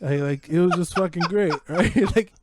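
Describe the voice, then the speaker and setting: A man co-hosting a podcast, telling a story in casual, profanity-heavy chat that keeps building in excitement. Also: high-pitched, normal speed, background noise. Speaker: podcast co-host. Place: home podcast setup.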